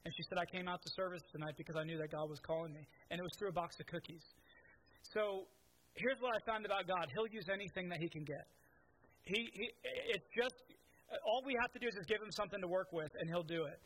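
A man's voice: sits high, fast talker, a bit bright, a little hiss or hum, low-quality recording. A man preaching a sermon, telling stories in a conversational way with many restarts. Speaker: pastor.

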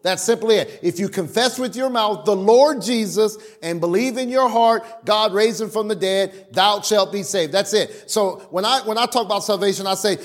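A man preaching a sermon in an animated way, sometimes acting out the voices of worshippers. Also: sits high, moderate pace, hardly any pauses. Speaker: pastor.

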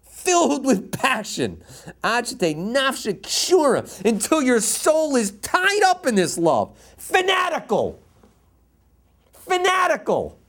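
Rabbi type, male, lively swooping delivery, emphatic repeats, quotes Hebrew, jokey with the room. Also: very high-pitched, takes it slowly. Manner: passionate and jokey. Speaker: rabbi teaching a class. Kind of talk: Torah lecture to a live audience.

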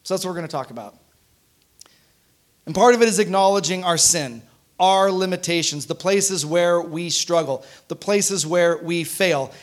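A man with a high-pitched voice preaches a sermon as pastor at normal speed. His style is conversational, with frequent tag questions checking in with the congregation.

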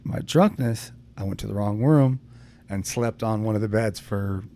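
A man's voice: lowish voice, moderate pace, warm tone. A young man co-hosting a podcast, telling a long personal story in casual chat, rambling with fillers and frequent swearing. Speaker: podcast co-host.

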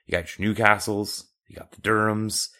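A man's voice: lowish voice, little pitch movement, moderate pace, bright, forceful tone. A man from Canada co-hosting a podcast, joking and tossing in sardonic asides in casual chat. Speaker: podcast co-host.

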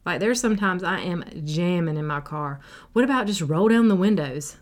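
A woman's voice: fairly low pitch, expressive, moderate pace. A woman, hosting a casual solo podcast in a chatty, silly and sassy way. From South Carolina, USA. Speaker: podcast host and life coach. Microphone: podcast microphone.

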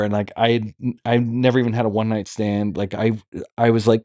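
A man's voice: on the low side, fairly even intonation, a little fast, mellow, no room sound, clean studio sound. A man talking as a podcast guest over a phone, rambling, joking and swearing freely in casual chat. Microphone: remote call on a phone.

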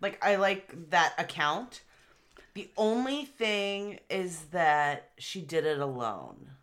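Podcast co-host: a woman with a lively, bright voice who jokes, laughs and swears. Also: lowish voice, slow. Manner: loud, joking, laughs a lot, swears. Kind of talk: casual chat.

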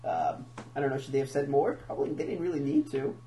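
A man co-hosting a podcast in relaxed casual chat, low-key in manner. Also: quick pace, slight background noise, poor audio. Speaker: podcast co-host.

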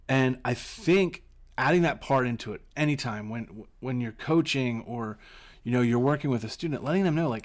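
A man's voice: mid-range voice, normal speed. Man, podcast host, coach, earnest, middle-aged, doubles up words as he starts phrases, mid-range voice. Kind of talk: solo podcast teaching.

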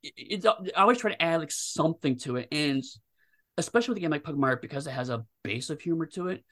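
A man, a game designer guest, talking at length in a rambling, animated way with many restarts. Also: fairly high pitch, fast talker. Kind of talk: casual interview chat.

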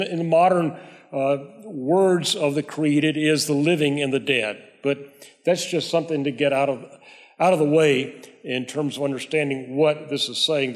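Male pastor, conversational measured sermon delivery, reverberant church. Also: fairly high pitch. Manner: measured, conversational preaching with prayer.

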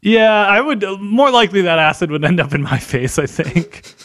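A man with a slightly high, animated voice, tripping over his words and laughing as he jokes around on a podcast panel. His tone is loose and playful. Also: moderate pace, dry recording, clean studio sound. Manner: goofy, stumbling, laughs a lot. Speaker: podcast debater. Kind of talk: casual podcast banter.

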